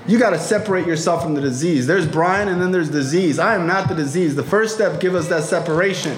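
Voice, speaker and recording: A high-pitched man tells his story to a convention crowd, and his voice rings through a large, echoey hall. His telling is raw and profane and full of energy. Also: fast talker, few pauses. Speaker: speaker at a recovery convention.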